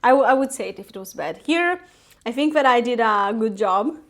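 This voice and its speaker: A woman's voice: a little high, lively intonation, fairly quick, fairly bright tone. A woman chatting casually and giggling often as she cooks live on a stream. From Italy. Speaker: cooking streamer. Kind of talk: casual live-stream chat while cooking. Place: home kitchen.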